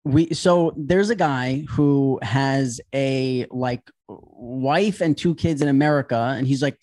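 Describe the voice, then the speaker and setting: A man's voice: medium pitch, normal speed, hardly any pauses. A man recapping reality TV on a podcast, talking casually, swearing a lot and acting out the people he describes. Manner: animated, swearing, acts out people he retells.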